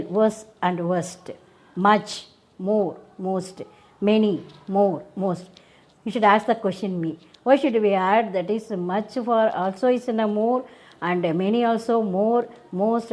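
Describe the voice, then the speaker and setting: A woman teacher with an Indian English accent and a slightly husky voice works through grammar rules for her class. She spells out word endings letter by letter and stops to check that everyone understands. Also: medium pitch, darkish tone, rough recording. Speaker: school teacher.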